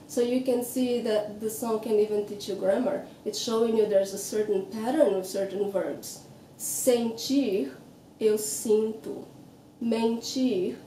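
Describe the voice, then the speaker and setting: A woman's voice: a little high, mellow, far from the mic, a little hiss or hum. Brazilian woman teaching pronunciation in an echoey room. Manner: patient, demonstrates words slowly. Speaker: Portuguese teacher. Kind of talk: explaining pronunciation.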